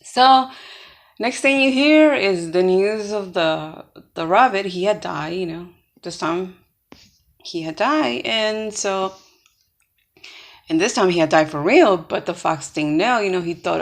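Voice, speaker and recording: Storyteller woman, gravelly, rambling casual fable telling. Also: mid-range voice, expressive, measured pace. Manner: rambling, many fillers and restarts.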